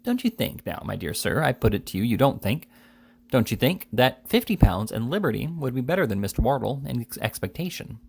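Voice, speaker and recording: A man's voice: medium pitch, big pitch swings, a little fast, vocal fry, a little mellow, husky, exaggerated voice. A man voicing a bustling little male attorney who coaxes and haggles, forever saying "my dear sir.". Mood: wheedling. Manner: coaxing, repeats "my dear sir".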